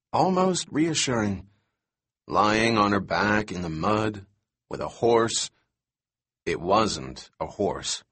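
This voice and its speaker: Guy narrating an audiobook, a bit husky, steady and tense, mid-pitched. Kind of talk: scripted narration.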